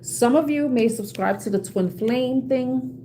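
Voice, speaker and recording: A woman's voice: sits high, a little slow, dark tone, slight background noise. A woman giving a casual tarot reading to her viewers, chatty and laughing often, with many "you know"s. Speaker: tarot reader.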